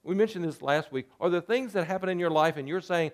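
A man's voice: high-pitched, fast talker. A man preaching a sermon as pastor, talking conversationally and putting rhetorical questions to his listeners.

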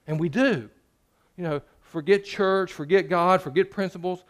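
A man's voice: high-pitched, normal speed. Joking, conversational male preacher. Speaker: pastor. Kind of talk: sermon. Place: church.

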